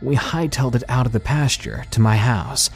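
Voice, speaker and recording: A man reading out submitted scary stories as scripted horror narration, slow and measured. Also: mid-range voice, faint music behind.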